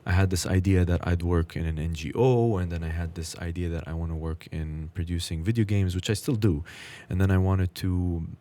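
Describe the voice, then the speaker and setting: A man in his thirties who hosts a podcast and speaks in a reflective, halting, casual way. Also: deep voice, steady tone, dark tone. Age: 30s. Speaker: podcast host. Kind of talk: casual conversation.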